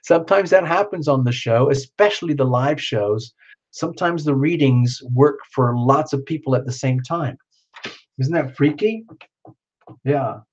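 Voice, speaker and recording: A man's voice: mid-range voice, measured pace. Chatty man hosting a live tarot stream. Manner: chatty, greets viewers by name, excitable whoops. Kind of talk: casual live-stream chat with viewers. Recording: dull lo-fi stream audio.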